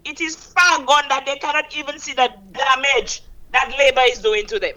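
A woman with a Saint Lucian accent, calling in to a radio talk show and preaching hard about politics, stressing words slowly and emphatically. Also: high-pitched, fairly even intonation, bright, forceful tone, low-quality recording. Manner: impassioned, preachy, emphatic with slow drawn-out stresses. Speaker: caller. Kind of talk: call-in radio political rant.

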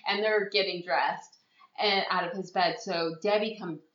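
A woman, a podcast co-host, casually recapping a TV movie and acting out the quotes in a higher voice. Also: unhurried. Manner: animated storyteller who acts out quotes in a higher voice. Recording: echoey room, dull lo-fi sound.

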